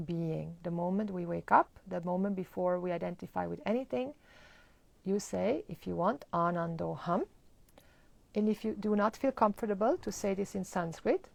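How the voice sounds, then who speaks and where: Gravelly-voiced woman teaching chanting. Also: medium pitch, a little mellow, no echo. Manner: explains pronunciation, then chants words slowly. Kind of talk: live online mantra lesson.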